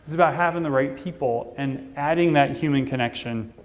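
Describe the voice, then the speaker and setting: A man giving a fast, casual, jokey conference talk from a stage. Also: mid-range voice. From Indianapolis, Indiana, US. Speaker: conference speaker. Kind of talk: keynote presentation. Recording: long reverb of a conference hall.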